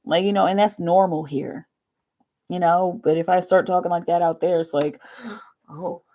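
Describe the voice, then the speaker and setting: A woman's voice: on the low side, fairly even intonation, normal speed, mellow. A young woman hosting a tarot livestream, chatting casually to viewers in a rambling way, laughing often and saying "like" a lot. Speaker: tarot reader livestream host.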